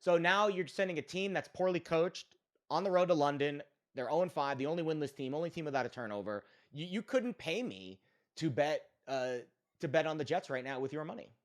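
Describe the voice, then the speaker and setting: A man's voice: a little high, lively intonation, fairly quick. A man co-hosting a sports betting podcast, giving emphatic, opinionated analysis in a casual chat with frequent fillers.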